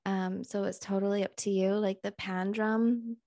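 A woman hosting a podcast, leading a guided channeling session in a calm, unhurried, musing way. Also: medium pitch, no echo, studio quality.

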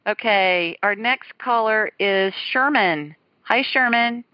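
A woman's voice: mid-range voice, slow pace, dry recording. A woman hosting a call-in radio show, chatting casually and laughing as she tells stories. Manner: warm, animated storyteller, laughs often. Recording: slightly dull lo-fi studio sound.

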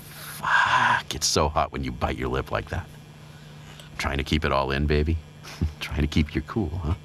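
A man narrating an intimate erotic audio role-play in a low, teasing voice that often slips into a whisper. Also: fairly even intonation, normal speed, slight background noise, rough recording.

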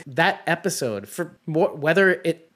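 A man hosting a podcast, chatting casually, animated and joking. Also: a little high. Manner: animated, joking, quick to laugh. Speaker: podcast host. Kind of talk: casual chat.

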